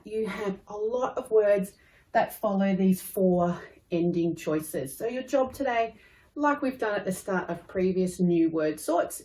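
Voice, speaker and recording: A primary school teacher with an Australian accent patiently walks children through a spelling lesson in a recorded online class. Her voice is lowish and a little mellow, and the room sounds echoey.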